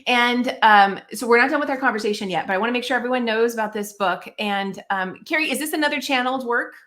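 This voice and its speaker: A woman's voice: fairly high pitch, quick pace, fairly bright tone. Reflective woman podcast host. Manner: reflective, affirming, thinking aloud. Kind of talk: interview conversation.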